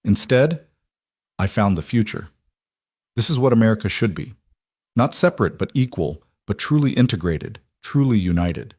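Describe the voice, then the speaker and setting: A man voicing a skeptical older male committee leader who speaks slowly and earnestly. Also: medium pitch, lively intonation, a little mellow, no room sound, clean studio sound, close to an everyday voice. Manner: slow, measured, earnest.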